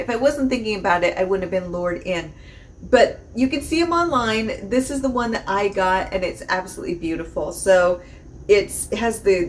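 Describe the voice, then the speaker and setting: Bubbly woman gushing over an unboxing. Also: medium pitch. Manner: bubbly, gushing, repeats herself, laughs often. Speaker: unboxing vlogger. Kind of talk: casual chat.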